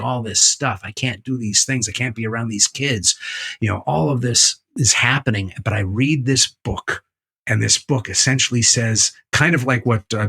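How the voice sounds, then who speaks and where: A man's voice: medium pitch, gravelly, a bit bright, slightly rough. A man being interviewed as a guest, retelling a book scene by scene in a candid, profane, emphatic way. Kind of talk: candid conversational storytelling.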